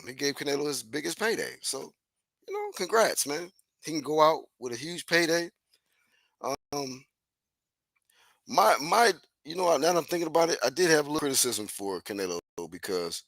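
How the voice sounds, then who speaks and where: A young man giving casual, profane, animated commentary, constantly dropping "man". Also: on the high side, no room sound. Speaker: commentary host.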